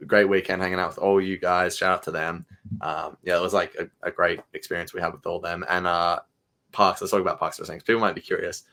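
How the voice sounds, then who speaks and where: A man's voice: sits low, level tone, fast, creaky, bright, forceful tone. A man co-hosting a fan podcast, chatting casually and enthusiastically with many fillers. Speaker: podcast co-host.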